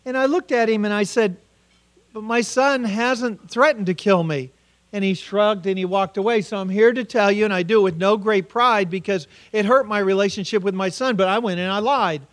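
A middle-aged American man with a fairly high voice speaks as a keynote speaker. He tells a hard family story earnestly and gives each quoted line its own voice. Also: fairly quick, hardly any pauses. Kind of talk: personal story told as a conference keynote. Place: conference hall.

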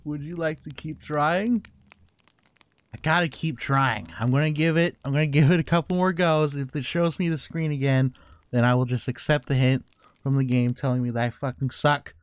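A man's voice: on the high side, fairly even intonation, normal speed, no room sound. A man giving casual let's-play commentary who swears constantly and talks to his sled dogs and to the game. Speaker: gaming channel host.

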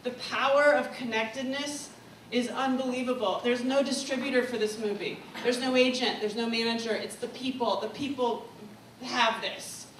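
Woman, stage speaker, blunt and emotional, high voice, echoey far-off room sound. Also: fairly even intonation, moderate pace. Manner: candid, swearing, swings from solemn to giddy. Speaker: guest speaker. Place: comedy club stage. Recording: echoey room, distant mic, faint noise.

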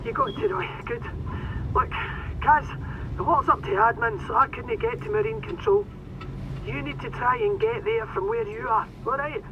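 An actor playing a rig worker talking over the radio, urgent and consoling, swearing bluntly. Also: male voice, very high voice, big pitch swings, moderate pace, muffled recording, noisy background, exaggerated voice. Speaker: game character. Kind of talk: video game voice acting.

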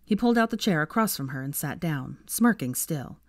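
A woman with a low voice narrates a story aloud, expressive and measured. Her pitch moves lively up and down. The sound is dry and close, with no room echo. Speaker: fanfiction reader.

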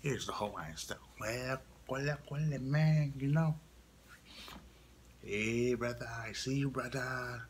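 A man puts on a goofy mock Spanish accent, dragging out slangy phrases in a laid-back drawl. The voice sits a little low, with faint background hiss. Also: fairly even intonation, fairly quick, few pauses, a bit bright. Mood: joking.

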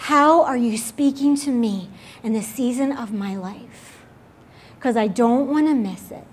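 High-voiced woman leading church prayer. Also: a little slow, slight background noise. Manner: gentle, inviting, repeating "just". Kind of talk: sermon altar call and prayer. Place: church service.

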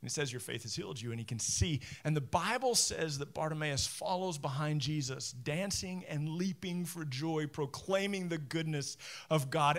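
A young adult male pastor preaching a sermon, telling a Bible story with jokes, asides and little acted-out voices. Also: high voice. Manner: animated, jokey storytelling preacher.

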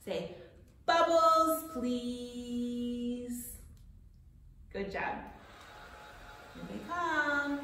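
A woman librarian reading a picture book aloud at storytime, very expressive, dropping to whispers and breaking into little songs, in a carpeted classroom. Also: medium pitch, soft background music. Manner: slow, expressive, drops to whispers, sings. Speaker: children's librarian. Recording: roomy echo.

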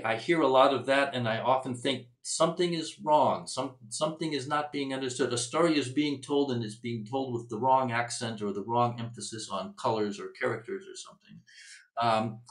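A man giving a music workshop lesson, explaining in a thoughtful, searching way. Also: mid-range voice. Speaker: music teacher. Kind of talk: instructional workshop lecture. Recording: echoey room sound.

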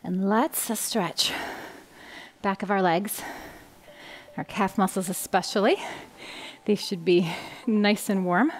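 A woman's voice: mid-range voice, slow pace. A woman fitness instructor, out of breath, leading a walking workout with upbeat coaching cues. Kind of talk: guiding a workout. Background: background music.

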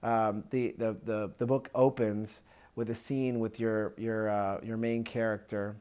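A man's voice: lowish voice, flat delivery, unhurried, darkish tone, clean tone. A man hosting an interview, asking admiring questions with frequent restarts. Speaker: interviewer, host.

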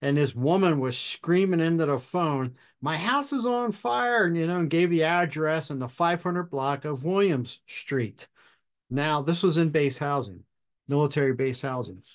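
A man hosting a podcast, telling a fire service story in a measured, deliberate way with pauses. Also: on the high side. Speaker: podcast host and fire officer instructor. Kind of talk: storytelling anecdote.

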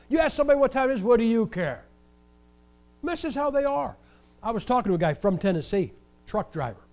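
An older man from Ohio preaches in a noticeably high voice. He tells his stories with animated energy and lands jokes with dry, wry sarcasm. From Ohio, USA. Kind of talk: storytelling sermon.

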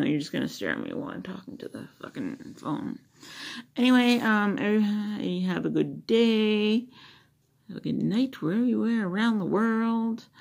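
A woman's voice: mid-range voice, gravelly, darkish tone. A woman vlogger chatting loosely to her phone camera, rambling with many fillers and asides. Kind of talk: casual chat to a phone camera.

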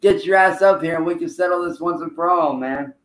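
A man's voice: fairly high pitch, steady tone, brisk, echoey room, rough recording. A man streaming live, taunting and cursing at a rival who keeps failing to show up. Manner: taunting, profane, calling out a rival. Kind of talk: livestream trash talk.

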